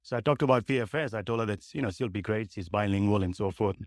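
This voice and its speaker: A man attending a sales seminar who recounts a story to the trainer, speaking hesitantly with soft fillers. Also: on the low side, fast, no echo, studio quality.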